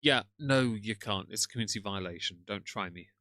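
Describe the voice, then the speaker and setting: A man's voice: on the low side, brisk, pushed and bright. A man streaming live, commenting on another streamer's content in a sarcastic, lecturing tone, and tired.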